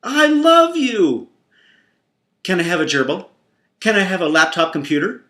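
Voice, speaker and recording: A man's voice: high-pitched, sing-song, fairly bright tone, echoey room, exaggerated voice. A man voicing his eager young daughter sweetly wheedling her father for presents. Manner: sweet, wheedling, rapid-fire asking. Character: eager little girl wheedling her daddy.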